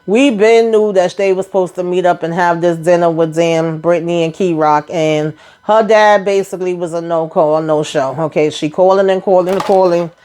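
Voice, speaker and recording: A woman's voice: on the low side, normal speed, few pauses. Slangy, chatty woman recapping a show. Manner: slangy, animated storytelling with frequent asides. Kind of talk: casual recap chat.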